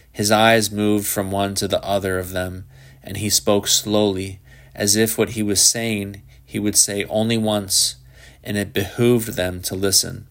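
Male audiobook reader, lowish voice, measured literary narration. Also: fairly bright tone. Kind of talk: scripted narration of a short story.

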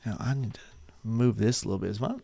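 A man's voice: on the low side, racing, gravelly, dark tone, slightly rough, no echo. A young man chatting casually to his webcam at his desk, rambling and swearing with laughing asides. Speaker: vlogger. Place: room at a desk. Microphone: desk webcam setup.

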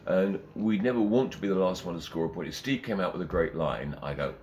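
An older man with a very deep voice tells stories with relish, mimicking the people he quotes and laughing along. A faint hiss sits under the recording. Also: a little fast, muffled recording. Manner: animated, acts out quotes and laughs. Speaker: interview guest, radio DJ and music man. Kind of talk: anecdotal storytelling.

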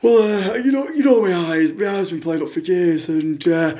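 A man's voice: high-pitched, moderate pace, mellow, voice pushed up, natural voice. A man voicing a brash, crude middle-aged woman calling in to a radio show, rambling and chatty.

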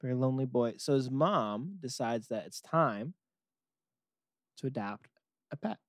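A man's voice: medium pitch, expressive, measured pace, no room sound. Man rambling through a story. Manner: rambling, acts out characters, laughs often. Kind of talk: casual comedic storytelling.

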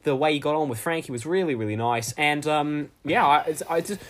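A man playing a cheerful, bumbling Australian bloke on a comedy podcast, with a deliberately bad put-on Australian accent and a rambling way of talking. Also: fairly high pitch, a bit bright, lightly acted. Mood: cheery. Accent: put-on Australian, badly done. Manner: cheesy slang, rambling with fillers and restarts. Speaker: podcast guest character.

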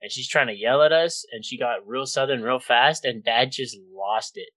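A man's voice: mid-range voice, moderate pace, pushed and bright, low-quality recording. A man telling a family story to his siblings in a casual chat, swearing freely and acting out the quotes.

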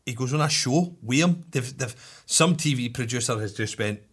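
A man casually telling a story on a podcast, animated, cursing freely and checking in with his listener. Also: medium pitch, moderate pace, slightly rough.

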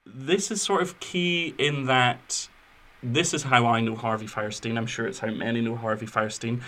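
Young guy on a film podcast, chatty and eager, kinda rambly, normal pitch. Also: steady tone, moderate pace, pushed and bright. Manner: chatty, enthusiastic, rambling with fillers. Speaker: podcast co-host. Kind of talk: casual film chat.

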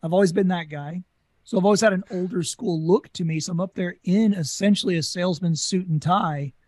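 A man with a Southern US accent, a former carnival talker telling stories in an interview, talking fast and animated. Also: high voice, no echo. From Southern United States. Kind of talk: casual storytelling interview.

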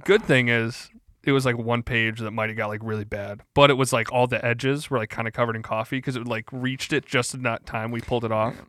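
A man's voice: medium pitch, fairly quick, no echo, studio quality. Easygoing young man rambling. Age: young adult. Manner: relaxed, rambling storytelling with fillers. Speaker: podcast co-host. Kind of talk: casual chat.

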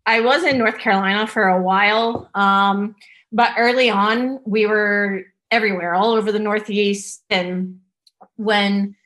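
A woman's voice: mid-range voice, steady tone, measured pace, fairly bright tone. A woman with a Boston-area accent, a guest telling stories in a casual interview, rambling with many ums and likes.

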